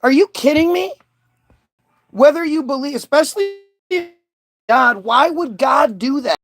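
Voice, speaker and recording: A man's voice: very high-pitched, expressive, a little slow, fairly bright tone, no room sound. A man talking in a heated, profane, unscripted monologue, stumbling and restarting his sentences as he goes. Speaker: vlogger.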